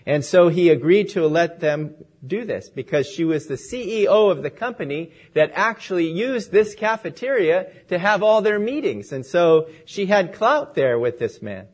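A man's voice: high-pitched, sing-song, normal speed, hardly any pauses. A male pastor opening in prayer and telling a story as he preaches a sermon.

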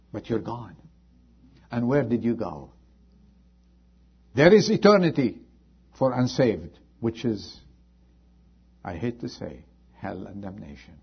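A husky-voiced male pastor preaching a sermon, swinging between loud pleading and hushed warnings. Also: medium pitch, lively intonation, slow pace, long pauses, dull audio.

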